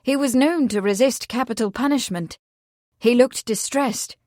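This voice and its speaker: A woman narrating a mystery audiobook in a steady, measured storytelling manner. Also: fairly high pitch, no echo, clean studio sound.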